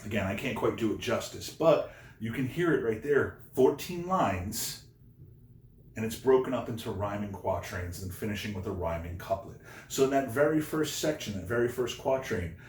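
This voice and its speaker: A man's voice: lowish voice, expressive, darkish tone, slight background noise. Man teaching in an echoey room. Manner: explains slowly, repeats key points, reads a poem aloud. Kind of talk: recorded remote lesson. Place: home room, no classroom.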